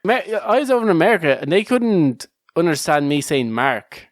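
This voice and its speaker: A man's voice: a little high, sing-song, brisk, dry recording, clean studio sound. An Irish man co-hosting a podcast in casual chat, telling stories and laughing often. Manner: laughs often, restarts, storytelling. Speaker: podcast co-host.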